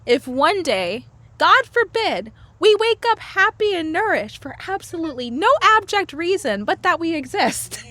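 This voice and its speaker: High, lively-voiced playful woman. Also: unhurried. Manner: playful, laughs often, acts out inner voices. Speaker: podcast guest, herbal medicine lecturer. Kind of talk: casual conversational interview.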